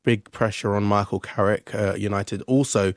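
A man presenting a radio sports bulletin briskly, with frequent "uh" fillers. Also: lowish voice, fairly even intonation, gravelly, no room sound, clean studio sound.

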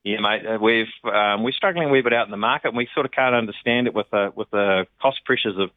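A New Zealand man speaks over a thin, tinny phone line. His voice is lowish and dry. He rambles casually and fills his gaps with ums and you-knows. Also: quick pace, no echo. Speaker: pork industry representative. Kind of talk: radio phone interview.

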